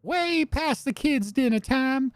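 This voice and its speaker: Man doing worried otter wife, high girlish voice, pleading. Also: lively intonation, takes it slowly, no echo, clean studio sound, exaggerated voice. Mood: anxious. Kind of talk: game dialogue read aloud.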